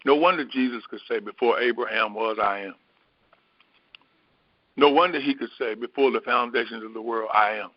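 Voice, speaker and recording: A middle-aged man giving a reflective metaphysical Bible teaching, unhurried and repetitive, musing aloud. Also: medium pitch, dry recording. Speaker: spiritual teacher. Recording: dull, dry lo-fi recording.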